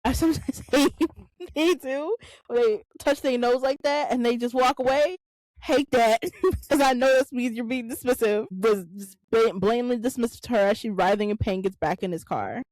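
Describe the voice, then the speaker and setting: A woman's voice: on the high side, moderate pace, a little mellow, no echo, rough recording. A woman co-hosting a film review show, chatting bluntly and expressively about a movie. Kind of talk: casual film recap chat.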